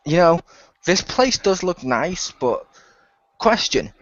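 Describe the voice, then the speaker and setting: A man puts on a wry male alien soldier who teases his friend. The voice sits a little high. The recording sounds dull and lo-fi, with a dry room. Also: very animated, takes it slowly, fairly bright tone, dry recording, heavily acted.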